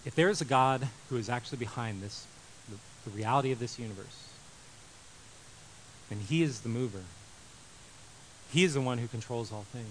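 A man in his thirties preaching a sermon, animated, moving from loud emphasis to quiet intensity. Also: medium pitch, moderate pace, long pauses, slight background noise, poor audio. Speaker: pastor.

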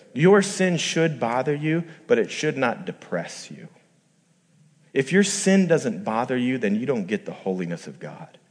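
A male pastor giving a conversational sermon, acting out quoted voices and rising to emphatic peaks. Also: medium pitch. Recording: long hall reverb.

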